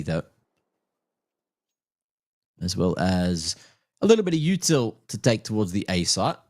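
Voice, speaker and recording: A man's voice: mid-range voice, a little hiss or hum. A man casting a live esports match with play-by-play and playful, teasing asides. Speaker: esports caster.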